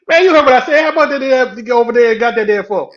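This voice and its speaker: Teasing high-voiced man, lo-fi sound. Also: lively intonation, quick pace. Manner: laid-back, laughing, teasing. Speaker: podcast co-host. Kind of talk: casual podcast banter.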